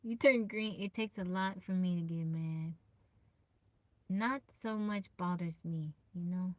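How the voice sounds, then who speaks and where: A soft-spoken, easygoing woman chatting casually with viewers on a live stream. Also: lowish voice, measured pace, no room sound.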